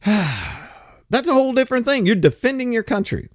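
A man's voice: very high voice, sing-song, moderate pace, no room sound, clean studio sound. A man in his fifties delivering a blunt, opinionated monologue, ranting and swearing casually. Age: 50s.

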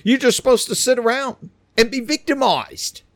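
A man's voice: very high voice, moderate pace, fairly bright tone, dry recording, clean studio sound. Sarcastic man ranting. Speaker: podcast host. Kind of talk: opinionated news commentary.

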